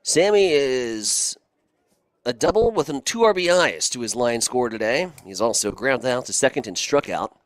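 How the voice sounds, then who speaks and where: A man calling baseball play-by-play in a relaxed, chatty way, trading remarks with his partner. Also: mid-range voice, normal speed, no room sound. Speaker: play-by-play announcer.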